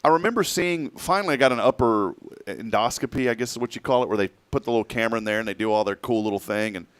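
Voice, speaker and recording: A man in his forties telling a personal story in casual talk-show chat, animated and acting out what others said. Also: medium pitch, fast, smooth, no echo. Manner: animated storyteller who acts out quoted speech.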